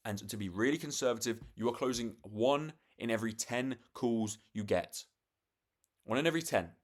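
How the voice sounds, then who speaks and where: A man's voice: mid-range voice, moderate pace. A young man, swearing freely and restarting sentences as he talks to camera late at night, acting out parts of a sales call. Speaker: vlogger.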